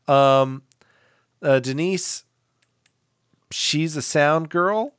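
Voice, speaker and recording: This man's mid-range voice has lively intonation and a normal speed, captured in clean studio sound with no room echo. Co-hosting a casual movie podcast, he jokes around and performs characters in mock voices.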